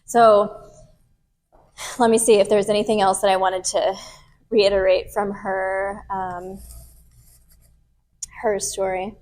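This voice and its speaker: A woman's voice: mid-range voice, level tone, takes it slowly, long pauses, a little mellow. A woman in her thirties, a podcast host telling a candid personal story to a live group in a casual, frank way. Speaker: podcast host and retreat leader.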